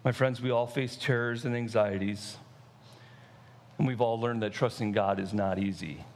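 A middle-aged male pastor preaching a sermon, retelling a story and slowing down for emphasis. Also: lowish voice.

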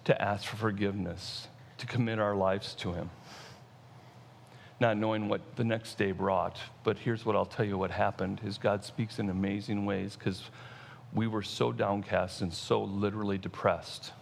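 A middle-aged male pastor with a gravelly, creaky voice, preaching in a church. He tells the story patiently and slows down to let key lines land. A faint hiss sits under the recording. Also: on the low side, fairly even intonation. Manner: storytelling preacher, varies pace for emphasis. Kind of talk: sermon.

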